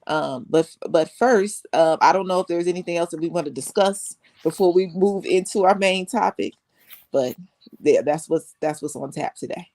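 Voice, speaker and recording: Podcast co-host, gravelly, conversational intro, dry close sound. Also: mid-range voice, normal speed, darkish tone, dry recording. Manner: conversational, with frequent "right?" and "um" asides. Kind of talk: casual show introduction.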